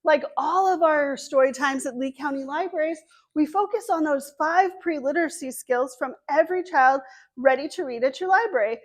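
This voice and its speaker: A female librarian leads story time for young children, speaking slowly and clearly in an animated, sing-song high voice suited to little ones.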